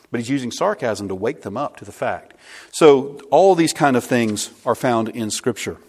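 A man's voice: mid-range voice, lively intonation, moderate pace, a little mellow. A man preaching a sermon, emphatic and asking the congregation rhetorical questions.

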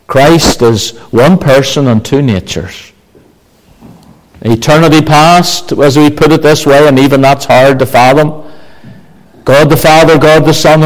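A man preaching a sermon, building to emphatic exclamations and slowing for stress. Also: medium pitch, darkish tone, low-quality recording. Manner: emphatic, rising to exclamations, slow deliberate stress.

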